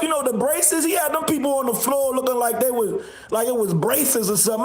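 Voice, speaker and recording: Mocking high-voiced man ranting on a livestream. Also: a little fast, few pauses, roomy sound, slight background noise. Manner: mocking, loud laughing outbursts, insults viewers. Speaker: livestream host.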